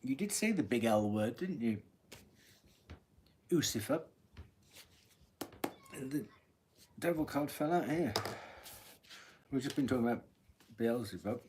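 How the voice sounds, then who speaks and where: A man giving a live-stream tarot reading, thinking aloud as he draws cards and often clearing his throat. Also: mid-range voice, animated, unhurried, long pauses, darkish tone, a little hiss or hum. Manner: musing aloud while drawing cards, frequent throat-clearing. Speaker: tarot reader.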